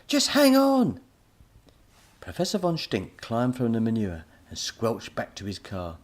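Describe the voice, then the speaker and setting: Low husky man telling a children's tale. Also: moderate pace. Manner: expressive storytelling. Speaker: audiobook narrator. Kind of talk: scripted children's story narration.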